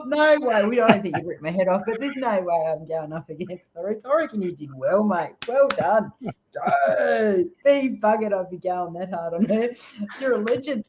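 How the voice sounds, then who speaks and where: A woman's voice: mid-range voice, animated, normal speed, a little mellow, a little hiss or hum. Swearing, chatty woman host. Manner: blunt, swears freely, chatty. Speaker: host and psychic reader. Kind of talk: casual live stream chat. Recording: dull lo-fi live stream audio.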